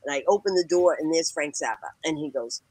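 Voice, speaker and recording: Woman storyteller, husky tone, animated voices for quotes, close dry mic. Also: quick pace, dry recording, poor audio. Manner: acts out quoted people with big pitch jumps, laughs while talking. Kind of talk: animated anecdote telling.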